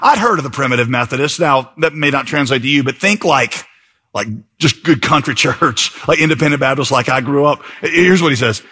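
Bright-voiced male pastor preaching. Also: mid-range voice, moderate pace, husky. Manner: conversational, with fillers. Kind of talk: sermon.

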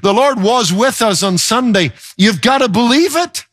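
A man's voice: very high voice, expressive, normal speed, a bit bright, dry recording, studio quality, pitched above the performer's own voice, heavily acted. A male preacher voicing pushy disciples who coax a doubting friend to believe. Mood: insistent. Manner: insistent, coaxing.

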